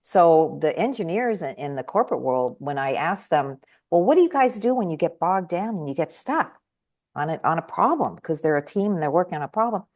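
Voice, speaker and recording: A woman guest telling stories in conversation, animatedly acting out the voices of the people she quotes. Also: fairly quick. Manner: animated, acts out quoted voices with big jumps in pitch. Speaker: guest speaker and trainer. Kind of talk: conversational storytelling.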